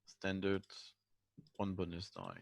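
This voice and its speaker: Hesitant low-voiced man playing a tabletop game. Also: big pitch swings, slow pace, gravelly. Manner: hesitant, restarts and fillers. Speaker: player.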